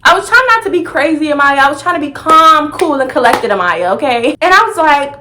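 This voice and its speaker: A young woman vlogger telling a personal story in a sassy, animated, dramatic way. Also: sits high, fairly quick, noisy background. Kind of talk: storytime vlog.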